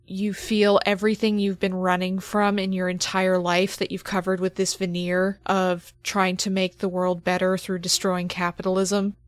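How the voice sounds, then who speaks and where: A woman game master narrating a horror tabletop game slowly and dramatically, often dropping to near whispers for suspense. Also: fairly low pitch, completely flat delivery, no room sound.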